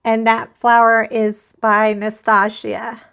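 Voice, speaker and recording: A woman's voice: on the high side, monotone, slow pace, creaky, a bit bright, smooth. A woman hosting a crochet live stream, chatting casually and rambling as she talks to viewers in the chat. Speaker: crochet channel host.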